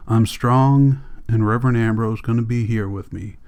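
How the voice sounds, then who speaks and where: A man reading a novel aloud as an audiobook, in a soft, subdued first-person diary voice. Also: mid-range voice, normal speed, clean tone. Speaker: audiobook reader.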